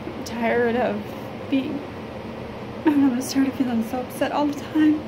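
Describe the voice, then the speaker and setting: A woman from Illinois talks to the camera in a personal vlog, halting and rambling with many fillers. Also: sits high. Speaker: vlogger. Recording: steady background noise.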